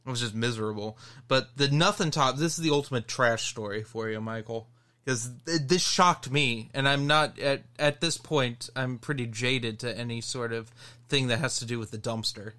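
A man co-hosting a casual podcast, telling an animated story and laughing as he goes. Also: mid-range voice, normal speed. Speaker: podcast co-host.

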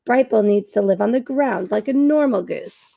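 A woman's voice: mid-range voice, animated, moderate pace, creaky, mellow, dry recording, clean studio sound. A woman voicing a bossy, sensible female goose who speaks firmly and matter-of-factly in a storybook. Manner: firm and matter-of-fact.

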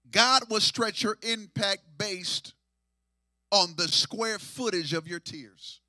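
Bright high-pitched preaching man, dry. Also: dry recording. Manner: call-and-response preaching, swinging from hushed to near-sung shouts. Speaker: pastor. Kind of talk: sermon.

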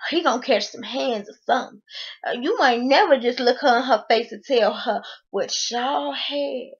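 A woman with a fairly high voice, telling a show recap in an excitable, slangy way and acting out the lines. The recording is dull and lo-fi. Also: gravelly, breathy edge. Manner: excitable storytelling, slangy, acts out quotes. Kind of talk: animated reality-show recap.

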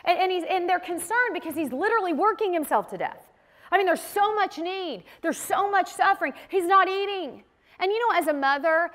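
High-voiced woman preaching in a hall. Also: lively intonation, brisk, a bit bright. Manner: conversational storytelling, acts out quoted voices. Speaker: women's ministry teacher. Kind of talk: sermon. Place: church sanctuary.

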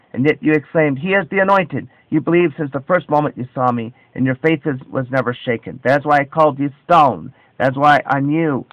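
A man reading scripture aloud with commentary, slow and solemn, stressing quoted dialogue. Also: mid-range voice, dry recording, lo-fi sound.

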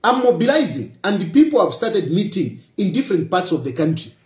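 A man's voice: high voice, very animated, fairly quick, a little mellow, echoey room. A Zambian man speaking in a passionate political monologue, emphatic and repetitive, switching between English and local phrases. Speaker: opposition politician.

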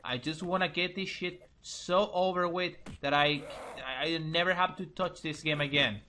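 A man's voice: on the high side, steady tone, normal speed, bright, forceful tone, a little hiss or hum. Frustrated young man swearing at a game. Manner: frustrated, swearing, muttering and repeating himself. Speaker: gaming channel host. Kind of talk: let's play commentary.

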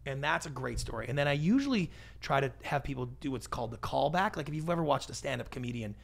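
Middle-aged man with a gravelly voice. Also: medium pitch, fast. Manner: animated, acts out quoted voices. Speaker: guest, pitch expert. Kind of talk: podcast interview.

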